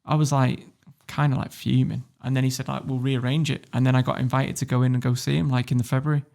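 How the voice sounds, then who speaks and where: A quick-talking man from northern England with a gravelly, creaky voice. He tells a story as a podcast guest, loose and animated, swearing freely as he goes. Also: mid-range voice. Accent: northern English. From Warrington, England. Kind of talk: casual interview storytelling.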